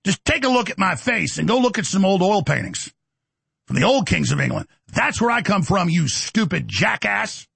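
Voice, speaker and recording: A middle-aged man, hosting a heated, mocking monologue and often shouting. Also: sits high, very animated, moderate pace, gravelly, husky, dry recording. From Texas. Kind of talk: ranting monologue.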